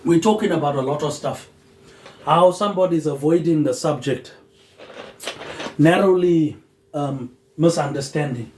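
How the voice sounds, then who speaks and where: A man hosting a solo podcast, rambling loosely with "um" pauses and dropping a low, quiet "mate" at the end of his phrases. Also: echoey room, slight background noise, rough recording. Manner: drifting, loosely connected talk with "um" pauses. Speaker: podcast host.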